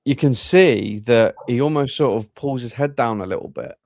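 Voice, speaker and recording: A man with a Yorkshire accent, co-hosting a casual football podcast in an animated way. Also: medium pitch, normal speed, dry recording. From England. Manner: animated, acts out players' voices. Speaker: podcast co-host.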